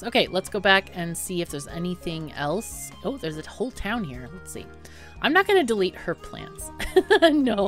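A woman giving casual, bubbly gameplay commentary, thinking out loud and giggling often. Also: lowish voice. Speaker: let's play gamer.

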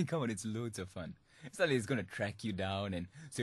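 A man's voice: on the low side, lively intonation, fairly quick, husky, no room sound. A young man from Singapore hosting a student radio podcast, talking in a playful, mischievous way and laughing often. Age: young adult. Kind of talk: comic monologue podcast.

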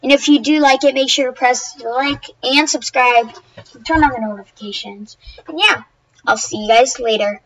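High-voiced woman rambling through a story. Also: normal speed, a bit bright, poor audio. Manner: rambling, many restarts and self-corrections. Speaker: YouTuber. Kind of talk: casual storytelling to camera.

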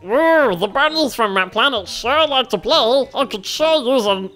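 A man squeaking as a nasal cartoonish bunny. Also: animated, unhurried, pushed and bright, soft background music, heavily acted. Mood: sleepy. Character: high nasal cheerful bunny creature.

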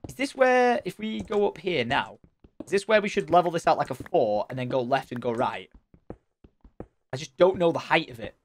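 Chatty gamer man, lively pitch. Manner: chatty, talks straight to viewers, playful teasing. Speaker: let's play gamer. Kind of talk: casual gameplay commentary.

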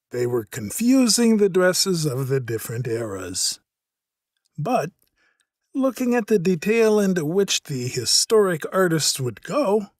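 A man narrating an explanatory monologue in a measured, earnest way. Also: on the high side, no room sound, studio quality.

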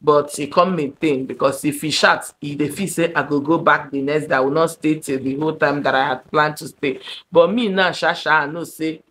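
A young woman with a Nigerian accent, telling a personal story to camera in an animated, dramatic way. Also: deep voice, moderate pace, a little hiss or hum. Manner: animated, dramatic storyteller, shifting between loud and hushed. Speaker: vlogger. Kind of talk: storytime monologue.

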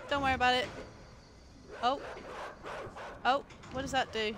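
A woman streaming a game late at night from home, excitable, giggly and sweary as she commentates. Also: high-pitched, measured pace, noisy background. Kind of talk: live gameplay commentary.

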